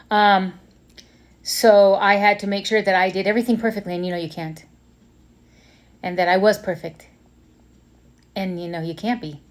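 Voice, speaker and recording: A woman in her fifties speaks in a personal, reflective monologue with a middle-pitched voice. She talks candidly and with feeling, often pausing, breaking off and restarting her sentences. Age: 50s. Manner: candid, emotional, with pauses and restarts. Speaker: vlogger.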